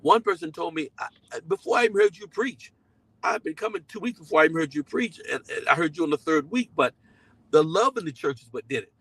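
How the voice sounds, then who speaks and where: A middle-aged male pastor preaching to his online congregation in a relaxed but emphatic style. His voice sits a little high for a man. He drives points home by repeating them. The sound is close and dry. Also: fast talker, breathy edge, no echo, low-quality recording. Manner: conversational and emphatic, repeating key phrases; slips into voices when quoting people. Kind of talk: sermon-style teaching to a live online audience.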